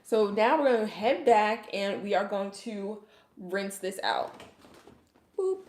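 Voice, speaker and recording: A woman's voice: medium pitch, a little slow, a little mellow. Chatty Brooklyn woman on a roomy livestream. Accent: Brooklyn New York. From Brooklyn, New York. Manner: chatty, answers viewer comments with advice. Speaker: hair care vlogger. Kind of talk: casual livestream chat with viewers.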